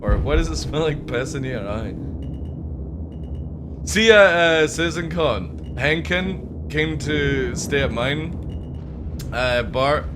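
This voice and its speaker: A male game streamer talking in a lively, swinging pitch, cracking jokes and swearing as he plays. Steady game ambience hums clearly behind his voice. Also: slow, long pauses, background noise. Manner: joking, swearing, chatty. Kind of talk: casual live-stream chat.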